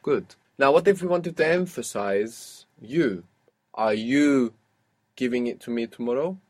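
A man's voice: mid-range voice, a little slow, a little mellow. A man teaching an audio language lesson, patiently prompting his student step by step.

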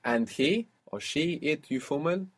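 A man with a slightly husky voice leads a spoken language lesson. He asks his student short questions and answers with brief praise, in a patient, steady manner. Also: a little high, a little slow. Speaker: language teacher.

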